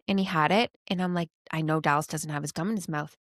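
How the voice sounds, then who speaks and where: A woman in her thirties, a mother co-hosting a casual podcast chat, telling family stories in a lively way and laughing often. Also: on the low side, fast talker, no room sound, studio quality. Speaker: podcast co-host.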